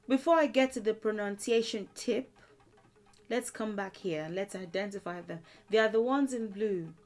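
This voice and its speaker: A woman's voice: medium pitch, darkish tone, faint music behind. A woman teaching a beginners' language lesson, explaining terms and drilling letters aloud for learners to repeat. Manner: repeats words and letters slowly for learners to copy, with light laughs.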